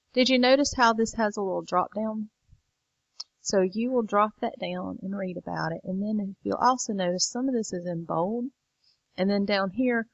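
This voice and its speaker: A woman's voice: mid-range voice, dry recording, muffled recording. A woman teacher walking students through a lesson late in the evening, tired and yawning. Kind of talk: recorded lesson walkthrough.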